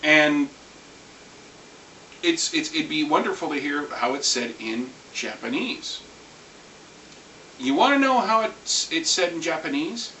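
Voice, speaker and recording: A man ranting casually about anime, rambling and animated, swearing now and then. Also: fairly high pitch, measured pace, long pauses. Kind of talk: casual rant. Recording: echoey room, far from mic, faint hiss.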